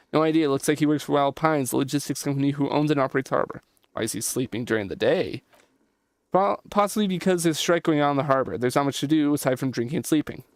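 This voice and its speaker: A man's voice: a little high, a little fast, no room sound. A young man streaming a game, reading the dialogue aloud and joking between lines. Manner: reads text aloud, jokes and comments between lines.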